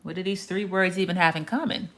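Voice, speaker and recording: A woman teaches Spanish on a live stream in a fairly low voice. She is patient and clear and says each example word slowly, more than once. Now and then she stops to read out a viewer's comment and answer it. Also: fairly even intonation, fairly bright tone. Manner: reads viewer comments aloud and answers them. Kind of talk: live-stream language lesson.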